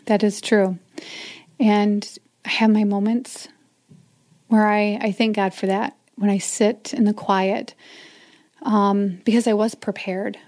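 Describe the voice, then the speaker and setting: Soft-spoken woman, half-whispering. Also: mid-range voice, flat delivery, slow. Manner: soft, often drops to a whisper. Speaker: guest. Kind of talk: emotional interview storytelling.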